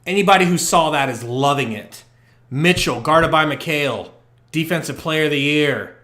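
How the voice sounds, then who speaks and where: Young male podcast co-host, live play-by-play; bright, unhurried, echoey low-grade mic. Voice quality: profane, partisan fan commentary. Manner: excitable, swings from muttering to shouting. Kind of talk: live fan play-by-play reaction stream. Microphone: poor quality microphone.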